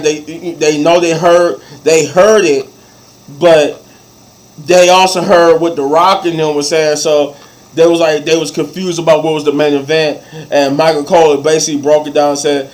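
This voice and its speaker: A man's voice: a little high, rough recording. A man casually recapping a wrestling show, acting out quoted lines as he goes.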